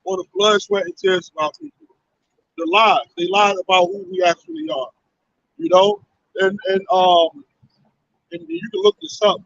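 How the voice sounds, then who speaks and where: A man's voice: high-pitched, very animated, moderate pace, vocal fry, fairly bright tone, slight background noise. A man reading and explaining scripture in a conversational way, often checking in with "you know?" and "right?". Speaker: scripture reader. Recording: dry, dull lo-fi recording.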